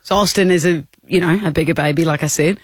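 A young woman co-hosting a radio show, telling a story in lively casual chat and acting out the voices. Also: low-pitched, fast, breathy edge. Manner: animated storyteller, acts out voices, laughs often. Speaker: radio co-host. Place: radio studio. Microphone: studio microphone.

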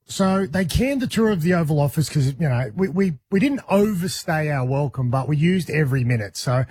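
An Australian man co-hosting a radio show, telling an animated story in casual banter. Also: fairly high pitch, a little fast, slightly rough, no room sound.

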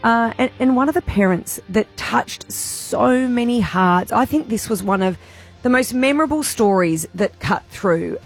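A woman's voice: medium pitch, measured pace, gravelly, husky, faint music behind. An Australian woman hosting a radio show, talking in an emotional, gushing way. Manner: emotional, gushing, tearful at times. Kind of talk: radio chat.

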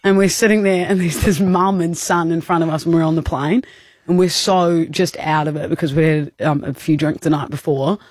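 A woman's voice: deep voice, fairly even intonation, fairly quick, a little mellow, breathy edge, dry recording. Australian woman, radio co-host, giggly storyteller, dry close sound. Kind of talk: casual radio banter.

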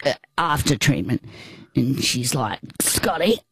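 Slow-talking woman telling a story. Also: deep voice, dry recording. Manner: halting, reflective, animated storytelling. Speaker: guest. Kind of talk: casual storytelling chat.

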